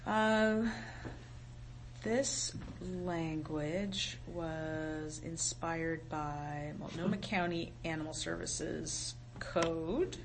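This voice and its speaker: A woman from county staff explaining a rule at a public meeting, measured and full of ums. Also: low voice, a little hiss or hum, low-quality recording. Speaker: county animal services staff.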